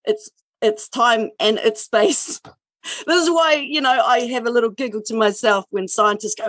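A woman's voice: on the high side, normal speed, no room sound. A woman with a New Zealand accent, talking earnestly on a video call in a sharing circle, with many fillers and restarts. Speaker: indigenous speaker in a sharing circle. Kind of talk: casual online sharing circle talk.

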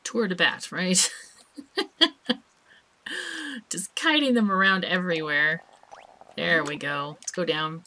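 A woman's voice: sits low, pushed and bright, a little hiss or hum. A woman hosting a let's play, chatting casually and thinking aloud as she plays, with small laughs. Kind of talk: casual gameplay commentary.

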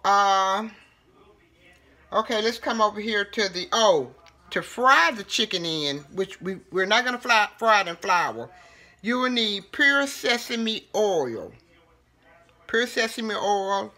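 A woman's voice: mid-range voice, animated, slow, pushed and bright. A woman, chatting casually as she demonstrates home cooking. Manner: chatty, folksy, talks while working with food.

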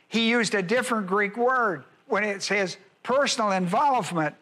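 High-voiced pastor repeating phrases. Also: male voice, lively intonation, pushed and bright. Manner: repeats key phrases for emphasis; slows and stresses words. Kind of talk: Bible study sermon.

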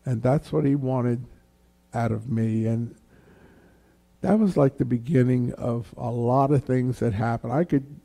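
A man sharing a personal testimony at a church question-and-answer session, unhurried and storytelling. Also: vocal fry, dark tone. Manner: slow, unhurried storytelling that raises the pitch for quoted voices. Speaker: guest speaker at a church Q&A.

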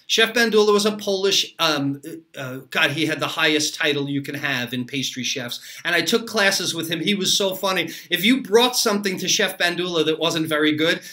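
Upbeat chef with a bright voice. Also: male voice, high voice. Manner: upbeat and chatty, laughs often, many fillers. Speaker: chef and cooking instructor. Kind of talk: casual cooking lesson to camera.

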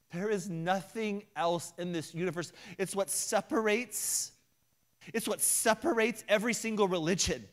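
A male pastor delivering a sermon, moving between loud emphatic preaching and hushed personal confession. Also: on the high side. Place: church sanctuary.

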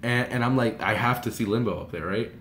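A man's voice: medium pitch, brisk, a little hiss or hum. Rambling young man, roomy echo. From Texas, USA. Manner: rambling and animated, heavy use of "like", frequent restarts. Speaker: vlogger. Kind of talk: excited story-time retelling. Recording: roomy echoey room.

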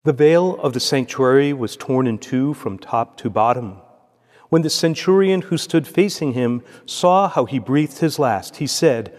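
Solemn priest in a reverberant church. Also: male voice, mid-range voice, darkish tone. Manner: measured, solemn liturgical delivery. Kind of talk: reading scripture aloud and preaching. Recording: long echoey church reverb.

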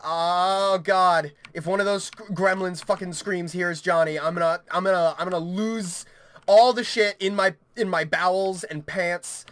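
A man's voice: high-pitched, fairly even intonation, normal speed, no echo. A man commentating a horror game into a headset mic, frantic and yelping, swearing constantly. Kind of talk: panicked horror-game let's play commentary.

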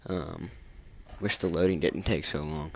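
A man's voice: low voice, fairly even intonation, a little slow, gravelly, no room sound. A young man casually commentating his video game playthrough, rambling with frequent ums and out of breath. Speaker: gamer. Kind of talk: let's play commentary. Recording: game music loud behind voice.

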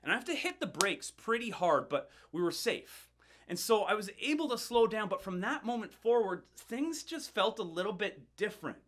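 A middle-aged male pastor telling a story in a sermon, animated and building tension, often repeating words as he goes. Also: sits high, moderate pace.

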